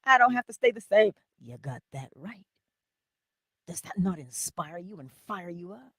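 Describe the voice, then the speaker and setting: A woman hosting a casual livestream, laughing often and greeting her viewers by name, calling them honey, with a lively and unhurried manner. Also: on the low side, husky, no room sound, studio quality. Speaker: livestream host.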